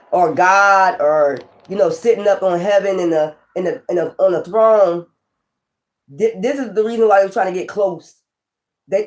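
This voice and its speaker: Profane laughing woman reading tarot. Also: mid-range voice. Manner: profane, laughing, animated asides to viewers. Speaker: tarot reader.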